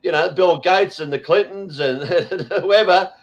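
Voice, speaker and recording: A man's voice: high-pitched, a little slow, lo-fi sound. An Australian man hosting a casual chat, ranting bluntly with lots of swearing and fillers. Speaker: host.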